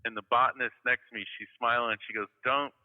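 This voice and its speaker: A man's voice: mid-range voice, fast talker, long reverb tail, narrow, tinny audio. A man telling a long travel story in a casual interview, full of fillers and asides. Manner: rambling, many "you know" fillers, animated retelling. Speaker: guest storyteller.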